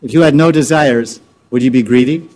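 A man's voice: medium pitch, brisk, darkish tone. A man teaching scripture informally, repeating and restarting words as he explains terms. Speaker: spiritual teacher.

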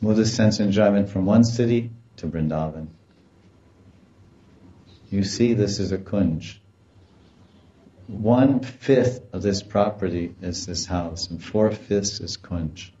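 Man giving an animated devotional talk. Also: fairly low pitch, slow pace, long pauses, echoey room, highs cut off. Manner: animated storytelling, acts out quoted voices with laughter. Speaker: spiritual teacher. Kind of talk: devotional lecture.

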